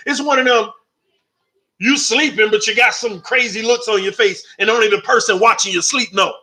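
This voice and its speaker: A man's voice: extremely high pitch, fairly quick. A man hosting a live sports stream, talking animatedly and arguing with chat comments. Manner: animated, talks back to chat readers. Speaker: sports channel host.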